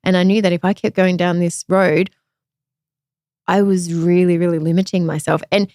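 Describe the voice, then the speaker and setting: A woman's voice: fairly low pitch, flat delivery, normal speed, a little mellow, dry recording. Frank woman hosting, dry sound. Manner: frank, chatty, self-deprecating. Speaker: podcast host. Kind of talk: candid conversational storytelling.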